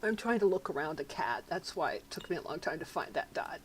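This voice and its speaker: A woman's voice: low-pitched, expressive, fairly quick, a little hiss or hum. A woman casually livestreaming a puzzle game, chatting with viewers and her pets and laughing often. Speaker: streamer.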